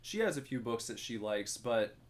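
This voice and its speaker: A man's voice: mid-range voice, very animated, normal speed. A young man co-hosting a podcast in casual, laid-back chat. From Ohio. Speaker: podcast co-host.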